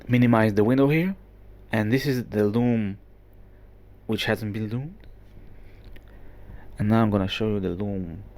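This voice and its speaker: A man's voice: fairly low pitch, darkish tone. A man hosting a casual show-and-tell vlog indoors at home, talking with rambling enthusiasm and plenty of fillers and restarts. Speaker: watch vlogger.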